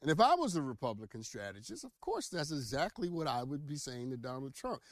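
A man hosting a podcast, giving playful, teasing commentary on headlines with dramatic swings in loudness. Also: mid-range voice, very animated, fairly quick, no room sound. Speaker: podcast host. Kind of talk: casual political commentary.

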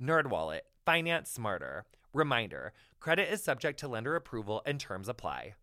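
A man's voice: mid-range voice, sing-song, normal speed, bright, forceful tone, no echo, studio quality. A man hosting a podcast who reads ads and introduces the news in an effusive, campy way, full of "like" and "honey". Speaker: podcast host.

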